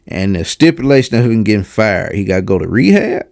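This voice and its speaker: A man's voice: fairly low pitch, sing-song, fairly quick, vocal fry, a little mellow. A man giving casual reaction commentary on a clip. He is mocking and slangy and often restarts his sentences.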